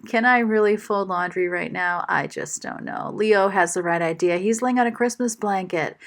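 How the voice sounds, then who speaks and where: A woman's voice: medium pitch, fairly bright tone. An older woman from Maine, narrating her home vlog in a chatty, self-deprecating way and laughing often. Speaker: vlogger. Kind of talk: casual voice-over narration.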